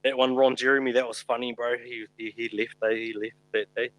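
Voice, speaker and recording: Bright-voiced, laughing kiwi bloke. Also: male voice, medium pitch, little pitch movement, a little fast, rough recording. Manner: swearing, laughing storyteller, calls people bro. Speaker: podcast co-host. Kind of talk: casual chat, storytelling.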